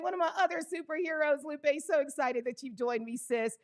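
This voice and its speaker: An exuberant woman hosts a live stream, calling out greetings to viewers with whoops and laughter. Her voice sits high, with a gravelly fry running through it. She talks casually, often saying "y'all.". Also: fairly even intonation, moderate pace, few pauses. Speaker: livestream host.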